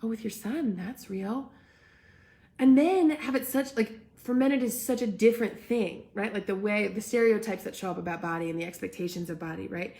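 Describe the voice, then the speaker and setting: A woman's voice: mid-range voice, a little fast, vocal fry, dark tone. A young woman hosting a live talk, speaking with passion and emphasis and often asking "right?". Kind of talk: live-streamed casual talk, reading comments.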